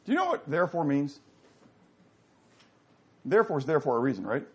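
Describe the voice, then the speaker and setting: Animated male Bible teacher quizzing class. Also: on the high side, brisk, husky. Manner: animated, quizzes the audience, rising to loud emphasis.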